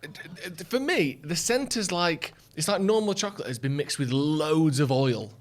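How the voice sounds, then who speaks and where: A man's voice: a little high, moderate pace. A man co-hosting a podcast in casual chat, jokey and stumbling over his words. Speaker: podcast co-host.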